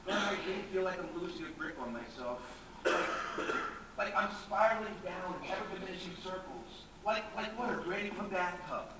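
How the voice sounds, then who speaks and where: A man's voice: sits high, animated, fairly quick. A man playing a frantic neurotic writer. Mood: rambling. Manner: frantic, rambling, self-mocking. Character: anxious neurotic male writer, middle-aged. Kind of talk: live stage acting. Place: theatre stage. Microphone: distant room mic. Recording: echoey, noisy, from far off.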